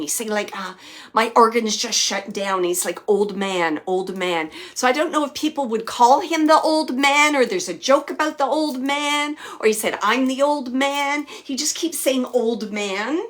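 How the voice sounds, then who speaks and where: Hosting a live session as a psychic medium, a woman with a somewhat high voice chats away and laughs a lot. She passes along quoted messages from spirits in a lively manner, then slips into soft murmurs as she searches.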